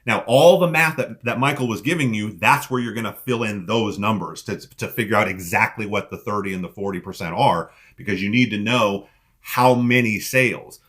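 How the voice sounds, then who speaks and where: A man's voice: on the low side, moderate pace, fairly bright tone. A man giving a motivational coaching talk on an online team call, emphatic and repeating his key lines for effect.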